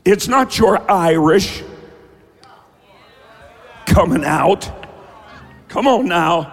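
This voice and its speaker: A man preaching a sermon, emphatic and folksy, often breaking into shouts. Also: sits high, slow, long pauses, long reverb tail. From rural American South. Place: church.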